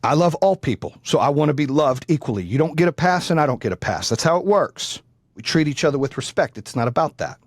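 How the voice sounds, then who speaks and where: A man's voice: fairly high pitch, lively intonation, fast, dry recording, studio quality. A man hosting a podcast, telling a story in a blunt, profane way that grows heated. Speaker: podcast host. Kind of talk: casual storytelling.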